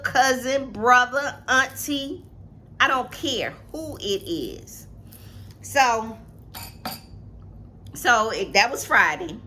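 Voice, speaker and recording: Animated woman telling a story. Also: on the high side. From Atlanta, Georgia, US. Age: 50s. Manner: emphatic, repeats phrases, talks straight to viewers. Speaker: co-host. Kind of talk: casual storytelling vlog.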